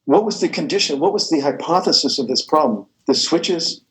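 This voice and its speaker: A man's voice: a little high, lively intonation, brisk, fairly bright tone, reverberant, poor audio. A man lecturing a math class, rambling and correcting himself as he goes, with the odd chuckle. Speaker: math professor.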